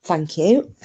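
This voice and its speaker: A woman's voice: mid-range voice, mellow, muffled recording, slight background noise. British woman, live-stream host, chatty and rambling, casual, answers comments by name. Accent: British English.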